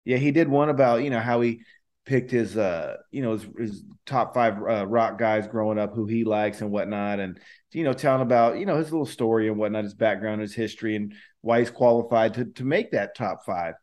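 A man's voice: on the low side, brisk, darkish tone. Slangy man bantering with "bro" talk. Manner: slangy, profane banter with lots of "bro" and fillers. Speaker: podcast co-host. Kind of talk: casual chat.

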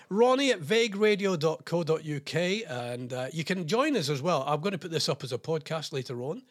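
A man's voice: fairly high pitch, sing-song, fairly quick, hardly any pauses, dry recording, clean studio sound. A man with a British accent hosting a radio show, chatting casually, reading listener messages and odd news stories with rambling, jokey asides. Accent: British English. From England.

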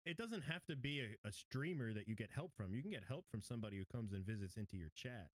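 Quick, animated man from New York. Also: lowish voice, no echo, rough recording. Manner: quick, animated, laughs easily. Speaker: guest streamer. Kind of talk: casual chat.

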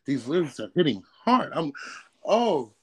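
A young man hosting a casual interview, an animated and playful storyteller. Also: mid-range voice, a little fast, crowd noise. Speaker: interview host.

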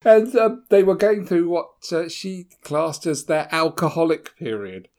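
A man's voice: on the high side, measured pace, darkish tone. A man co-presenting a radio show about television, chatting casually with playful jokes. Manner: playful, jokey, breaks into laughter.

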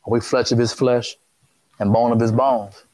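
A man's voice: medium pitch, fairly even intonation, normal speed, darkish tone, low-quality recording. A man preaching a sermon who cuts in on the scripture reading with questions and repeats his phrases in a loose, informal way.

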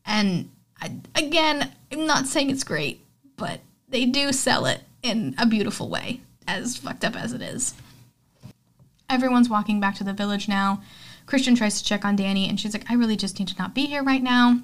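A woman's voice: on the high side, lively intonation, moderate pace. A young adult woman hosting a podcast, recapping a film in a chatty, candid, heartfelt way with frequent "um" and "like". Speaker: podcast host.

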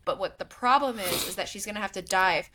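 A woman's voice: medium pitch, a little fast, pushed and bright. Woman casually explaining a plot point. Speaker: podcast co-host. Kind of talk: casual book-review chat.

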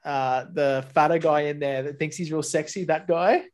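A man's voice: a little high, steady tone, moderate pace. A man with a New Zealand accent chatting casually on a podcast, joking loosely and swearing. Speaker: podcast co-host. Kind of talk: casual chat.

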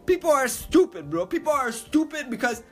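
A man ranting loudly and emphatically, swearing a lot and repeating himself. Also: very high voice, very animated, moderate pace, soft background music. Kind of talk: profane rant to camera.

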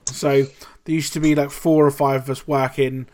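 A man co-hosting a casual podcast, telling animated, sweary stories. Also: mid-range voice, moderate pace, slight background noise. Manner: animated storytelling, heavy swearing. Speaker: podcast co-host. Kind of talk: casual chat.

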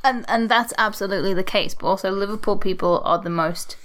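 A chatty woman co-hosts a relaxed podcast conversation. Her voice is smooth and clear at a middle pitch. She talks freely, with frequent laughs and quick asides. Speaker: podcast co-host. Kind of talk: casual chat.

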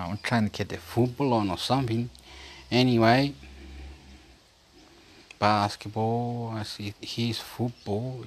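This Chilean man has a voice on the low side. His talk is an informal, rambling monologue full of repetition, and he reads portions aloud from a screen as he speaks.

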